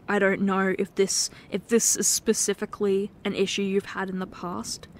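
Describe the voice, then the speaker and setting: A woman in a whispered role-play as a girlfriend, talking softly and earnestly, swinging between hushed pleading and sharp, swearing exasperation. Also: medium pitch. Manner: swears when frustrated. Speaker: ASMR role-play performer.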